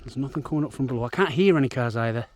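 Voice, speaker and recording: A man's voice: mid-range voice, racing, a little mellow, no room sound. A man, out of breath, chatting casually to camera while hiking and running across open moorland. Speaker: vlogger. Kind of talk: casual outdoor vlog narration. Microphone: handheld camera.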